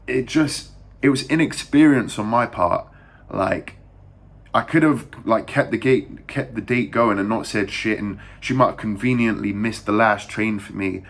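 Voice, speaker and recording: Fast-rambling English guy, low voice. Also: gravelly. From England. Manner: rambling, crude, fast-talking with many fillers. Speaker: vlogger. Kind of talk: casual storytelling.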